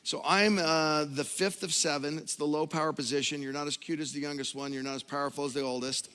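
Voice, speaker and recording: A middle-aged man preaching a sermon and telling a story, shifting between hushed and loud, emphatic delivery. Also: on the high side, steady tone, fairly quick, smooth. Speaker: pastor. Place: large church hall. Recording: long hall reverb.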